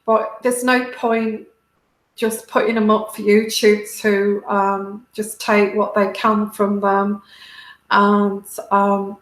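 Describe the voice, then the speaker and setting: A British woman hosting a tarot livestream, talking halting and heartfelt to her viewers, close to tears. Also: medium pitch, flat delivery, echoey room, rough recording. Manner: halting, many restarts and fillers, heartfelt. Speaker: tarot reader and livestream host. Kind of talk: casual livestream talk to viewers.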